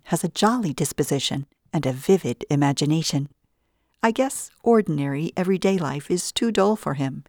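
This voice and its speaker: A woman voicing a chatty, confiding librarian with a gossipy, lively way of talking, pitched well above her own voice. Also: no echo, clean studio sound, natural voice.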